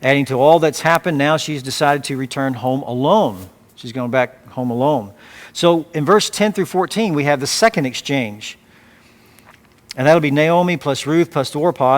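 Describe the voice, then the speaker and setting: A man preaching as pastor, reading scripture aloud and explaining it phrase by phrase in a measured way. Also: mid-range voice. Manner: measured, with frequent restarts and repeated words. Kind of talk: expository sermon.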